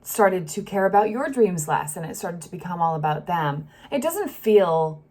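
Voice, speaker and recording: A woman's voice: on the low side, big pitch swings, moderate pace, a little mellow. A woman giving a casual, emotional tarot reading, acting out what she senses with sighs and broken-off sentences. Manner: emotional, acts out the feelings she reads, sighs and trails off. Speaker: tarot reader.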